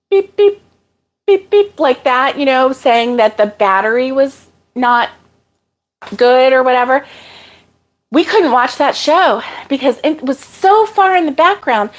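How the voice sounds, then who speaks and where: A middle-aged woman hosting a casual live stream from her kitchen at home, chatting in a rambling way with lots of fillers. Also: high voice.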